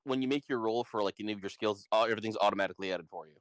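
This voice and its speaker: A man's voice: on the low side, very fast, no room sound, poor audio. A man playing a tabletop game who checks the rules aloud and hesitates as he talks. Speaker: player. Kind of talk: casual tabletop game chat.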